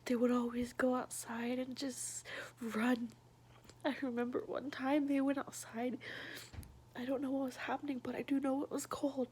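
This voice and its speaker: A young woman whispering a personal story in a soft, halting, intimate hush. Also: high voice, little pitch movement, slight background noise. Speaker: vlogger sharing her past.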